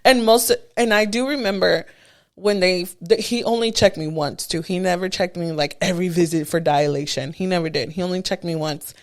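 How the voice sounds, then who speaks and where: A woman's voice: fairly low pitch, brisk. A young woman co-hosting a casual podcast chat, telling stories animatedly and laughing often. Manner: animated storyteller, acts out quoted people, laughs often. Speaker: podcast co-host.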